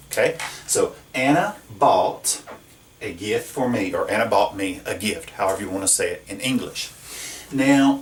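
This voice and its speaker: A man's voice: fairly low pitch, slight background noise. A man teaching a grammar lesson at a whiteboard, explaining patiently and asking his students questions. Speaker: Spanish teacher. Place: classroom. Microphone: camera across the room. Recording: echoey room from a distance.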